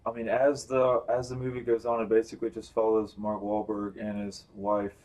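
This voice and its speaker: A young man chatting casually on a movie review podcast, animated, acting out lines he quotes. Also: lowish voice, moderate pace, poor audio. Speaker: podcast host.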